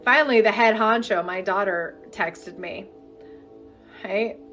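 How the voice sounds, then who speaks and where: A woman energy healing coach leading a live-streamed session, talking candidly and bluntly, then turning to slow, repeated guided affirmations. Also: mid-range voice, a bit bright, faint music behind. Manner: candid, chatty and profane, then slow incantatory guidance.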